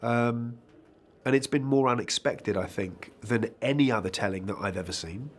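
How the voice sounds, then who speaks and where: A man's voice: mid-range voice, moderate pace, a little hiss or hum. An actor answering interview questions about his work in a thoughtful, conversational way, with dry self-deprecating asides.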